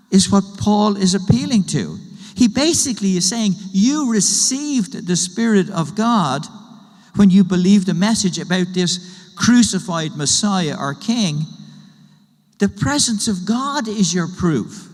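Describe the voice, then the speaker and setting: A man's voice: high-pitched, animated, takes it slowly, big-room sound. A man preaching a sermon in a conversational way, building his point through everyday illustrations and questions. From Ireland. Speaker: pastor.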